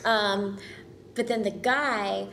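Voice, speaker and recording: A woman's voice: mid-range voice, fairly even intonation, slow pace, vocal fry, a bit bright, slight background noise. A woman actress answering interview questions casually, upbeat, friendly and enthusiastic.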